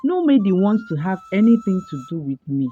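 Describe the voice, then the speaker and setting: A man's voice: high voice, sing-song, a little fast, mellow, lo-fi sound, faint music behind. A woman voicing a sad, ashamed young prince in a storybook tale, speaking in a weary, pleading way.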